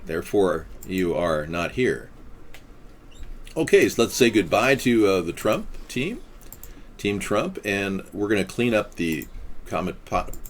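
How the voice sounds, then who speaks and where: A man hosting a casual livestream chat, musing in a deadpan, mock-guru manner. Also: fairly low pitch, measured pace. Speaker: livestream host.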